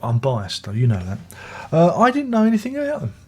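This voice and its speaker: A man's voice: a little high, wildly swooping pitch, fairly quick, husky. An older British man reviewing an album in a casual, rambling way, often restarting his sentences and making chatty asides. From Britain. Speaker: music reviewer.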